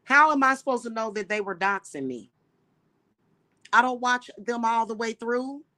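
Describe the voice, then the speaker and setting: A woman hosting a livestream, ranting indignantly at her viewers with exasperated rhetorical questions and slow, emphatic repetition. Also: a little high, pushed and bright, dry recording. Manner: repeats points slowly and emphatically. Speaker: livestream host.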